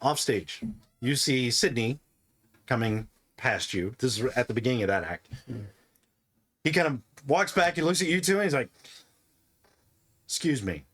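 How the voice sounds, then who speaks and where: A man's voice: mid-range voice, animated, moderate pace, long pauses, a bit bright, husky. A man narrating as game master in a loose, rambling storytelling way.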